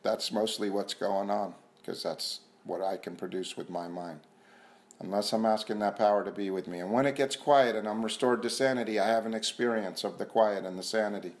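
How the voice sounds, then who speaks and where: A man giving an earnest, self-mocking personal testimony at a recovery meeting, repeating himself and sometimes dropping to a hushed voice. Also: lowish voice, steady tone, brisk. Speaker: speaker sharing at a recovery meeting. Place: meeting room.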